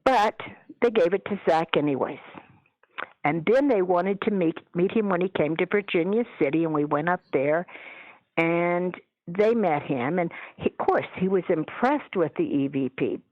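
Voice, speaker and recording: A woman's voice: on the low side, normal speed, no echo. Chatty woman guest, dull lo-fi audio. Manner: chatty, animated, acts out quoted people. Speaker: guest, paranormal author. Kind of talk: storytelling in a radio interview.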